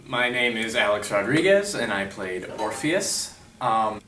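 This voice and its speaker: A young man, a stage actor, talking hesitantly with many pauses about his role. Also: fairly low pitch, big pitch swings, pushed and bright, slight background noise. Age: young adult. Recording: roomy, distant mic, faint music.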